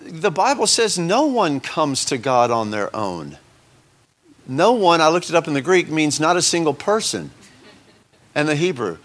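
A man's voice: fairly high pitch, very animated, a little slow. A man preaching a sermon to his congregation in a loose, conversational way, breaking off into asides and tagging points with "right?". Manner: conversational, self-interrupting, asides and rhetorical "right?". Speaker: pastor.

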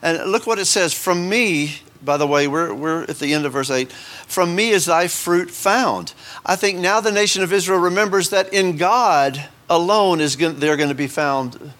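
Guy preaching a sermon, kinda high voice, chatty and rambling, keeps saying right?. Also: normal speed, a bit bright. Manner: conversational, self-interrupting, asides and rhetorical "right?". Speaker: pastor.

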